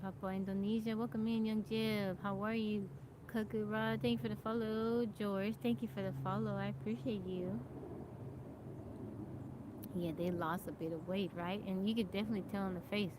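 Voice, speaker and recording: An American woman hosts a casual live stream from outdoors, chatting along and greeting viewers by name. Her voice sits at an ordinary middle pitch. Clear outdoor noise runs beneath her talk. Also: fairly even intonation, normal speed. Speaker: livestream host. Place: outdoors in nature.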